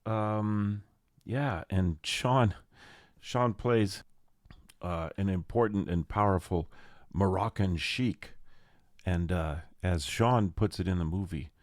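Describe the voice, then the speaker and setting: A man's voice: deep voice, takes it slowly, no echo, studio quality. A man hosting a podcast as a casual monologue, playful and rambling with jokey asides. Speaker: podcast host and jazz arranger.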